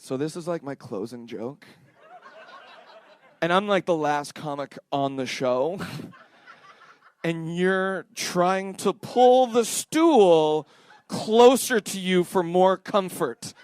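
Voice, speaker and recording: High-voiced young Canadian comic on stage. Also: male voice, lively intonation, takes it slowly, darkish tone, smooth. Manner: rambling, self-deprecating, riffing with the crowd. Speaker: stand-up comedian. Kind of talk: stand-up set. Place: comedy club stage.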